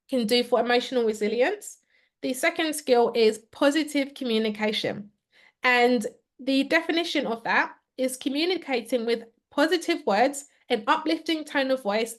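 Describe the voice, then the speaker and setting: Upbeat woman giving a training talk. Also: a little high. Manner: clear, upbeat, asks the audience questions. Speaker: customer service trainer. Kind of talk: live online training talk.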